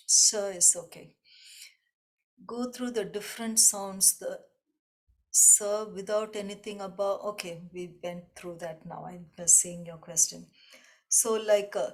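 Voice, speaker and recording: A woman teaching a devotional class, explaining slowly and reflectively and often repeating a point in new words. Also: medium pitch. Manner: slow, reflective, gently repetitive explanation. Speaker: spiritual teacher.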